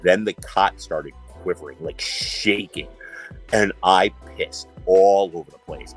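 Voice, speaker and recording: A man's voice: sits low, slow, breathy edge, faint music behind, poor audio. A man from New York hosting a casual chat, telling stories animatedly, swearing and acting out quotes. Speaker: host.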